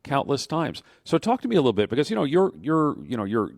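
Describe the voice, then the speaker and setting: A man hosting a radio interview, asking questions in an animated way and often repeating words. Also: mid-range voice, fast talker, vocal fry, dry recording, studio quality. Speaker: radio show host. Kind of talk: conversational interview.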